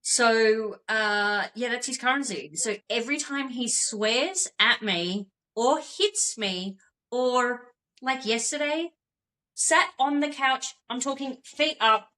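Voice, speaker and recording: An Australian woman co-hosting a podcast over a video call, telling stories with lively, laughing energy. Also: on the high side, slow. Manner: animated storytelling with laughs. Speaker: podcast co-host.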